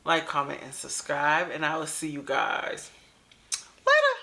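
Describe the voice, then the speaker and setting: Bright, emphatic woman reaction host. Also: low-pitched, moderate pace, creaky. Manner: emphatic, animated commentary with slang. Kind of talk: casual reaction commentary.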